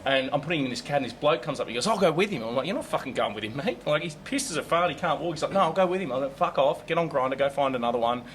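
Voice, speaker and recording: A man telling crude, animated stories in casual chat, swearing often. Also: mid-range voice, rapid-fire, hardly any pauses, a little hiss or hum. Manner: animated, swearing often, bursts of loud laughter. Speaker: comedian guest. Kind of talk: casual storytelling.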